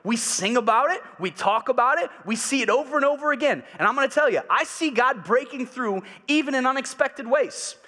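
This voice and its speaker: A man preaching in a church sanctuary, his high, bright voice carrying a long hall reverb. He swings between fervent, loud exhortation and hushed, confiding asides, and stops to have the room repeat lines back to him. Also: lively intonation, fairly quick, hardly any pauses. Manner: leads congregation in call and response. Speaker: pastor. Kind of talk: sermon.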